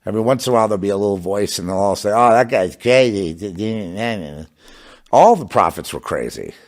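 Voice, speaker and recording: A man's voice: on the low side, sing-song, racing, a little mellow. A man delivering an impassioned religious monologue, fervent and sarcastic, with bursts of scornful laughter. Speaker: religious commentator.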